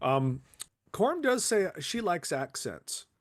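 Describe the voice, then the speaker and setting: Lively man arguing in a podcast chat. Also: sits high, no echo, studio quality. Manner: halting, argues his point. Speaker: podcast co-host.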